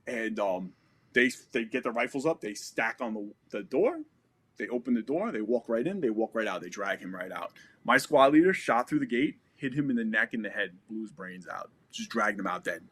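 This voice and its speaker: A man's voice: on the low side, lively intonation, normal speed, fairly bright tone, slightly rough. Profane American man telling a war story. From United States. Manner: profane, vivid, re-enacts dialogue. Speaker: podcast guest.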